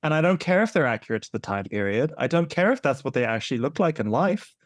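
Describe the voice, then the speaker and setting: A man co-hosting a podcast in casual chat, animated and opinionated, laughing often and repeating himself. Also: mid-range voice, fast, dry recording, studio quality. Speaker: podcast co-host.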